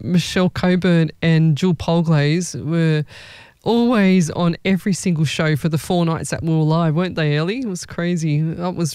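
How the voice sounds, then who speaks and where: A woman's voice: low-pitched, warm tone, no echo. A woman, a psychic medium giving readings in a casual live chat, rambling and laughing often.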